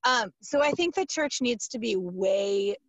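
A woman pastor answering interview questions, telling a story in an animated, emphatic, casual way with many fillers. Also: a little high, a little slow, dry recording, highs cut off.

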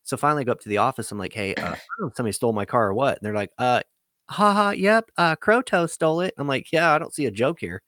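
A man's voice: medium pitch, lively intonation, rapid-fire, few pauses, fairly bright tone, no echo. A man telling a rambling, profane story in a casual chat as a podcast host.

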